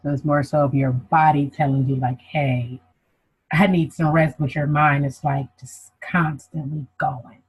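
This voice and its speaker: A person playing a counselor in a role-play, asking measured, reflective questions. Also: medium pitch, fairly even intonation, husky. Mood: calm. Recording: dull lo-fi audio.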